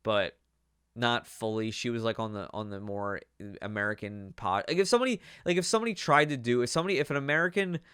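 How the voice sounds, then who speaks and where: A man's voice: medium pitch, quick pace, a bit bright, smooth, no echo, clean studio sound. A young man hosting a podcast, chatting casually in a rambling way with lots of fillers. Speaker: podcast host. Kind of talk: casual chat.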